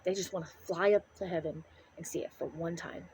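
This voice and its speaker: A woman's voice: fairly low pitch, steady tone, fairly quick, a little mellow, a little hiss or hum, poor audio. A middle-aged woman ranting to the camera in an angry, profane, preaching way. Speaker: vlogger.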